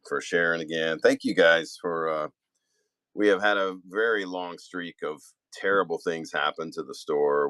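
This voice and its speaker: Man, extremely deep voice, dry close sound, live-stream auction chatter, casual and rambling. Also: fairly bright tone, dry recording. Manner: rambling, casual, with quick apologetic asides. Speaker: toy store owner running online auctions. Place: indoor shop room.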